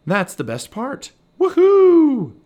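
A man doing an excitable squirrel. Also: on the high side, moderate pace, voice pushed up. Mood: excited. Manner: eager, bouncy and excitable. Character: excitable adventurous male squirrel.

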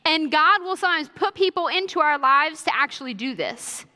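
High-pitched and fairly quick, with lively intonation and a bright, forceful tone, a young adult woman preaches a conversational sermon built from personal stories. She's casual and chatty, using many fillers like "kinda" and "like," and the large church auditorium gives a long echo.

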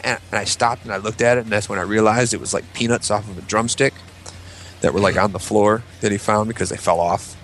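A man's voice: fairly low pitch, quick pace. A man casually telling a story on a podcast, swearing freely and acting out what people said. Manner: animated, swears freely, acts out quotes. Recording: faint background noise.

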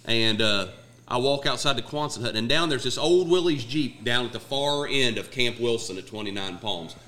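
A man's voice: mid-range voice, brisk, sharp tone. A man who served as a Marine staff sergeant, telling a long war story in a casual chat and swearing freely. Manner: profane, laid-back storyteller. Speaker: former Marine platoon sergeant.

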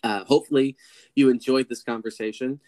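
A man's voice: mid-range voice, fairly even intonation, brisk, a little mellow. A man co-hosting a casual film discussion podcast, joking and swearing as he wraps up the episode. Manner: joking, profane, wraps up the show. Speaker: podcast co-host.

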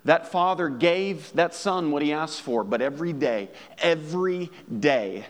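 Male pastor, higher voice, chatty sermon, plays both sides of a dialogue, long hall reverb. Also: expressive, a little slow. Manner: conversational preaching, acts out dialogue, laughs.

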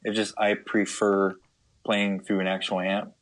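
Deep-voiced man chatting at his desk. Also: no echo. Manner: relaxed, with many uh and um pauses. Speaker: podcast co-host. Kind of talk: casual chat.

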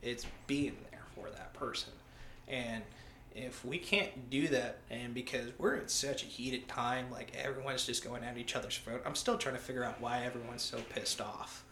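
Male veteran guest, bright, forceful voice, swears a lot, tells stories with energy, roomy echo with faint noise behind. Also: medium pitch, moderate pace. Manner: blunt, profane, animated storyteller. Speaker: interview guest, military veteran. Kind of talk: casual conversational storytelling.

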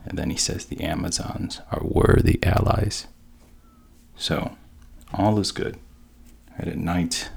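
A man casually retelling a story in an unhurried, halting way. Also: sits low, creaky, breathy edge.

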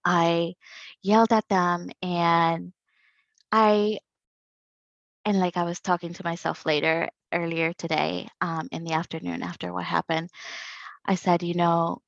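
A woman's voice: lowish voice, creaky, dry recording, highs cut off. A woman in her thirties talking candidly and reflectively as a podcast guest, laughing often. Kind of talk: casual conversation.

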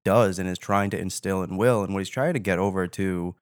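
A man with a low voice chatting casually on a podcast, swearing freely. The recording is close and dry, with no room sound. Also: a little fast, dry recording. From Rhode Island. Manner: swears freely, lively when joking. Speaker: podcast co-host. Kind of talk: casual chat.

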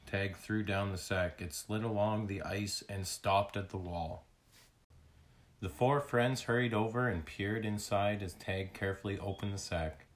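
A man reading a children's chapter book aloud, with clear, expressive storytelling. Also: lowish voice, measured pace. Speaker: narrator.

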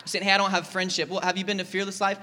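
Young man, pastor, sermon, high bright voice, chatty and animated, reverberant church hall. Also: rapid-fire. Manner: energetic, conversational, acts out quoted voices.

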